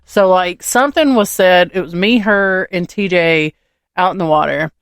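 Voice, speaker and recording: A woman's voice: on the low side, moderate pace, slight background noise. A woman, co-hosting a casual podcast and telling family stories with acted-out dialogue. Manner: animated storyteller, acts out dialogue; swears casually. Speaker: podcast co-host. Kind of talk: casual chat.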